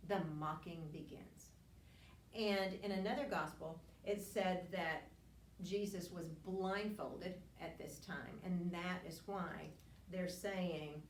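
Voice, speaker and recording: A woman teaches a Bible class at an unhurried pace, retelling scripture earnestly and restarting her sentences as she goes. She sounds distant from the mic in a roomy space with a faint hum of ambience. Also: lowish voice, fairly even intonation. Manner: earnest storytelling with frequent restarts and asides. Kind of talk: Bible lesson, reading and explaining scripture. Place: church classroom.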